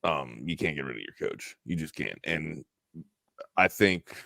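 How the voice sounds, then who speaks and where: A man's voice: rumbling low, animated, a little slow, gravelly, bright, forceful tone, no room sound, clean studio sound. A man co-hosting a sports talk stream in casual chat, thinking aloud with lots of restarts.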